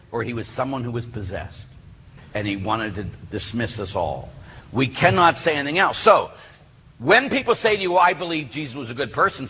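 A man's voice: fairly high pitch, pushed and bright. A man preaching a sermon with emphatic, insistent delivery to a live audience. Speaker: Catholic speaker. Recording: reverberant hall, faint noise.

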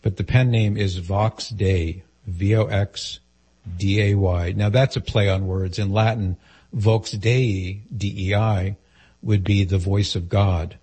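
A man's voice: lowish voice, fairly even intonation, unhurried, a little mellow, husky. A man hosting a call-in radio show, patiently explaining and spelling things out for a caller.

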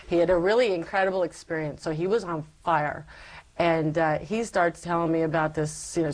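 A woman as an interview guest, giving a personal faith testimony as a lively storyteller who acts out her past self. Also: lowish voice, rough recording.

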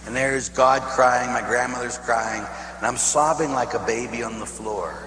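A priest from Pittsburgh telling a story in a sermon, animated and often laughing, tossing out "huh?" to the listeners. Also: male voice, medium pitch, normal speed. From Pittsburgh, USA. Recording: echoey hall, faint hum.

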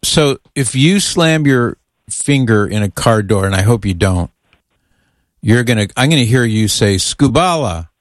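A man's voice: fairly low pitch, a little slow, no echo, studio quality. A man hosting a casual call-in radio show, friendly and joking with callers and his co-host.

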